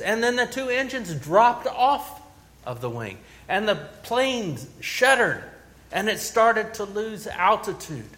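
A man's voice: high-pitched, a bit bright. A man preaching a sermon as pastor, telling a story with rising emphasis and small restarts.

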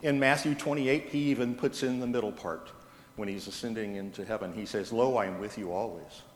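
A man preaching a sermon in a church, telling stories with gentle humor. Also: fairly low pitch, brisk, a little hiss or hum. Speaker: pastor. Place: church sanctuary. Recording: echoey church hall from a distance.

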